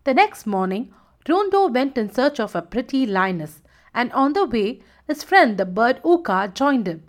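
Expressive woman narrating a storybook. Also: on the high side, moderate pace. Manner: expressive, voices every character.

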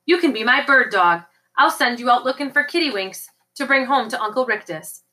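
A woman's voice: fairly high pitch, expressive, brisk, sharp tone. A woman reading the lines of a sly, treacherous male servant who talks in a wheedling, boastful way. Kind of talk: audiobook character reading.

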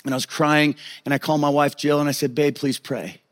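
A man's voice: fairly high pitch, completely flat delivery, fast talker, fairly bright tone, smooth. A middle-aged male pastor giving an earnest, confessional sermon, sharing personal testimony with many stammered restarts.

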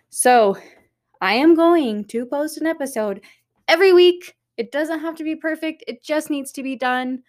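A woman hosts her own podcast in an encouraging, candid way, her voice sitting in a mid range. She talks to her listeners like friends from her office after hours. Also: medium pitch. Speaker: podcast host. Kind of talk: motivational solo podcast talk. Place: office at night.

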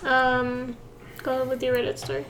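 A woman co-hosting a casual podcast, giggling and trading quick quips. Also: high voice, lively intonation, a bit bright, slight background noise. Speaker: podcast co-host. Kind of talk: casual chat.

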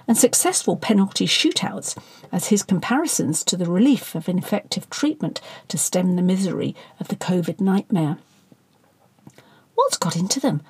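A woman's voice: lowish voice, a little mellow, husky, no room sound. A woman reading satirical fiction aloud as an audiobook narrator, with a wry, sardonic delivery.

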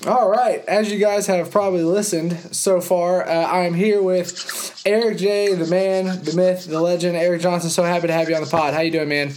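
A young man hosts a casual podcast. His voice sits a touch high, and he talks in hyped, rambling bursts that rush ahead, then stretch out. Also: fairly even intonation, moderate pace, noisy background. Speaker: podcast host.

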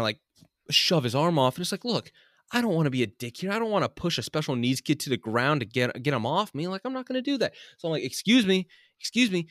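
A young man co-hosting a casual chat, telling a story in an animated way, swearing freely and laughing often. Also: medium pitch, no room sound, clean studio sound.

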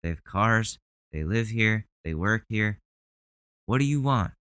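Smooth-voiced man ranting casually. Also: lowish voice, animated, unhurried, fairly bright tone, no echo. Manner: indignant, profane, rambling. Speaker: commentary host. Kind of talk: casual reaction commentary.

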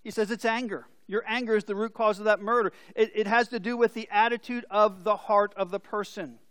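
A man with a high voice preaches a sermon, moving between scripture and lively stories whose people he acts out. The sound is dry and close. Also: brisk, clean tone, no echo. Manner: storytelling with acted-out voices. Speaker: pastor.

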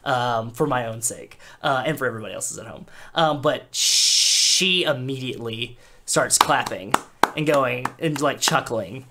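A man's voice: mid-range voice, unhurried, pushed and bright, slight background noise. Casual man running a tabletop game. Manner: loose, filler-heavy narration with restarts. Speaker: game master.

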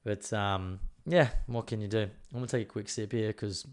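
Low-voiced man rambling on his show. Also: steady tone, moderate pace. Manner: rambling, candid and opinionated, many fillers. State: voice strained, worried about losing it. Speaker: podcast host. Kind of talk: casual solo show chat.

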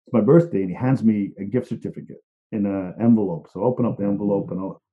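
Middle-aged man, reflective storyteller, low-leaning voice, halting and emotionally open, tinny phone-like audio. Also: husky. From England, Liverpool. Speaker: speaker sharing a personal story. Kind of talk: personal storytelling talk. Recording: narrow phone-like sound.

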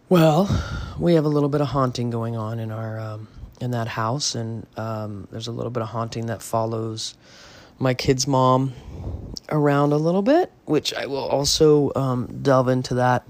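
Podcast host, male, mid-pitched and gravelly, casual and rambling, swears a bit. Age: adult parent. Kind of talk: casual storytelling to listeners.

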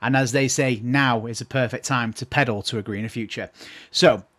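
A man hosting a casual podcast, talking in a lively way with laughter and restarts. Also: mid-range voice, normal speed. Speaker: podcast host.

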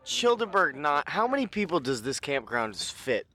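A man's voice: on the high side, very animated, moderate pace, pushed and bright. A man hosting live panel banter, asking playful, teasing questions.

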